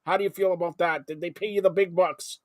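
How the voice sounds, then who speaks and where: A male host on a live sports talk show, excitable and jumping between topics with loud outbursts. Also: high voice, fast talker, no room sound.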